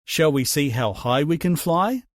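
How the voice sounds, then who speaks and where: A man voicing a tiny, clever male wren in a storybook, cheeky and quietly sly. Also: on the high side, expressive, a little slow, no echo, studio quality.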